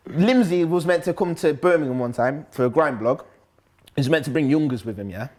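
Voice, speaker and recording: A man's voice: fairly high pitch, animated, a little fast, a little mellow. A young man from Nottingham with a Nottingham accent, chatting in an interview in a slangy, laid-back way. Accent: Nottingham English. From Nottingham, England. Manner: slangy, laid-back, loose storytelling with laughs. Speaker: rapper, interview guest. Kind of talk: casual interview chat.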